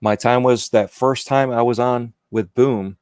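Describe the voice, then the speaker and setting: A man's voice: mid-range voice, steady tone, a little slow, a little mellow, smooth, no room sound, studio quality. A man talking as a guest on a casual podcast, rambling and repeating himself with many "you know"s. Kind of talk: casual chat.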